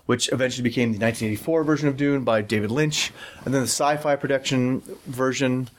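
A man's voice: medium pitch, fast talker. Rambling, profane young man. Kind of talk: casual film chat.

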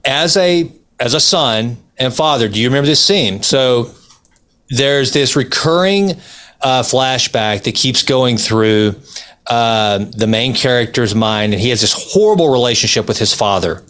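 A man's voice: mid-range voice, unhurried. Middle-aged man telling stories on a podcast. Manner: animated storyteller. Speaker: podcast co-host. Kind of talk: casual podcast chat.

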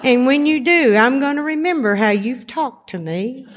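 Woman workshop speaker, high voice, animated laughing storyteller, reverberant hall. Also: moderate pace. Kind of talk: storytelling talk to a live audience. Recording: hall reverb, faint noise.

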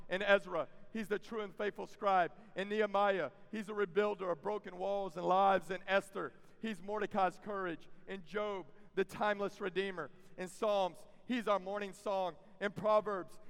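A man preaching a sermon to a youth camp crowd, moving from quiet teaching to loud, emphatic preaching with folksy asides. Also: high-pitched, gravelly. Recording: long reverb of a large hall.

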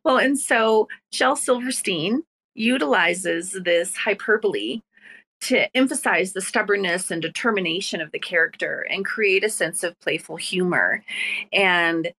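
A woman's voice: mid-range voice, measured pace, bright, forceful tone. A woman with a mid-range voice hosts a chat about writing. She sounds bubbly and encouraging with her guests. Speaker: podcast host.

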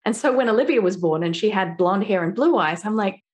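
A woman author, a guest on a podcast interview, telling personal stories in an animated way and laughing often. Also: medium pitch, brisk. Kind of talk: conversational interview.

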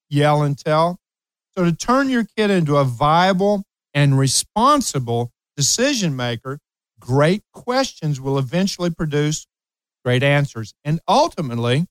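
A radio show host and coach, a man in his late sixties, offers advice to parents with emphasis, repeating key phrases and drawing on a personal anecdote. His voice is smooth and fairly high. The low-quality recording carries no room sound.

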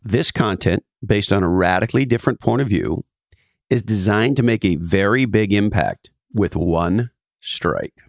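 A man's voice: lowish voice, animated, moderate pace, creaky, no echo, studio quality. A man delivering a scripted monologue as host, emphatic and wry, with sarcastic asides.

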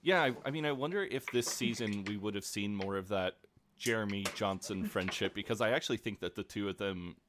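Easygoing male podcast co-host, low voice, relaxed chat. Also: fairly quick, noisy background. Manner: easygoing, laughs readily. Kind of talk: casual chat recapping a TV episode.

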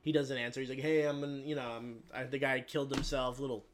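A man's voice: medium pitch, little pitch movement, noisy background. A man casually retelling a film plot in a rambling, profane way, briefly voicing the characters as he goes. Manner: rambling, profane, quick quoted voices for characters.

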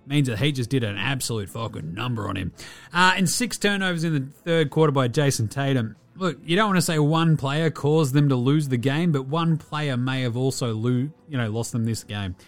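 A man's voice: medium pitch, fairly quick, soft background music. A man hosting a podcast, giving a casual, profane, rambling basketball recap. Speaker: podcast host.

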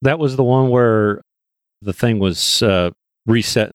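A man with a fairly low voice chats on a podcast, mostly chiming in with short replies and loose recollections. The sound is dry and close to the mic. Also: takes it slowly, clean tone, dry recording. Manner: brief agreeing replies, casual recollection. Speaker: podcast co-host. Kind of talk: casual podcast chat.

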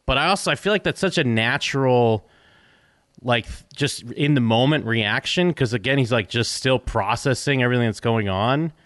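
A man's voice: mid-range voice, normal speed, a bit bright, dry recording, clean studio sound. A man co-hosting a casual podcast recap, rambling with frequent restarts and casual swearing. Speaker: podcast co-host.

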